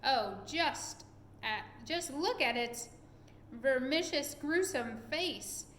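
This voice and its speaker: Woman putting on a worried police chief, fretful, high-ish and bright, storybook. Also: expressive, roomy sound, a little hiss or hum, full character voice. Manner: fretful, drawn-out.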